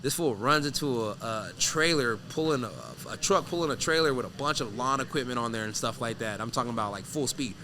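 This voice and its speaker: A man who is a professional fighter, guesting on an interview show and telling animated, profane stories that act out each scene. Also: medium pitch, fairly quick, few pauses, noisy background. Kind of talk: casual storytelling interview.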